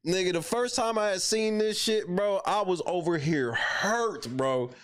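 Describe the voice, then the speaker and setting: A man's voice: a little slow, a crowd in the background. A man hosting a casual reaction talk show, cursing freely and breaking into laughter. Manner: loud laughing, profane, swaying between high and low pitch. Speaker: show host.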